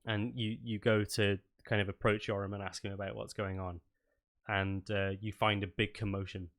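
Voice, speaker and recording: A man's voice: on the low side, level tone, normal speed, a bit bright. A man narrating as game master in a casual, hesitant way.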